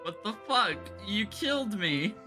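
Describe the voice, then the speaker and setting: A woman streaming a video game, reacting with laughter, swearing and excitable outbursts. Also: medium pitch, a little slow, over music. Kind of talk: casual game-stream commentary.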